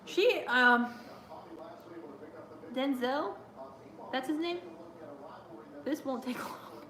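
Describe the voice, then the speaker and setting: A woman's voice: high voice, extremely slow, pushed and bright. A young woman hosting a casual live watch-along stream, chatty and giggly as she reads viewer chat aloud. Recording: roomy echo.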